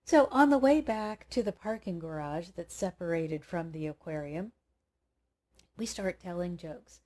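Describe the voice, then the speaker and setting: A woman host telling a personal anecdote straight to her viewers, lively and expressive. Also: lowish voice, unhurried. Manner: animated storyteller, acts out dialogue. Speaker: spiritual coach and channel host. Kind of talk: personal anecdote told to camera.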